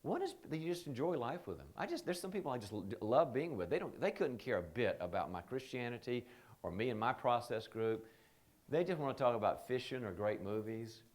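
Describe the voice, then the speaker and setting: A man leading a leadership training seminar, telling animated stories and acting out the people he quotes. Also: medium pitch, a little fast. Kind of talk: seminar talk.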